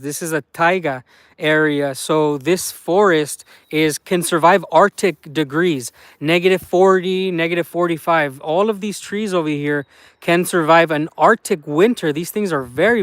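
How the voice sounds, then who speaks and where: A man's voice: on the high side, a bit bright, no echo. A man chatting casually on a live stream outdoors in a garden, rambling with many fillers and greeting viewers.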